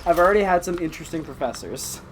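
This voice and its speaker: Co-host in their 20s, expressive casual chat over a noisy recording. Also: mid-range voice, fast. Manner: expressive, reacts with loud laughter. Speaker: podcast co-host. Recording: noisy background hiss.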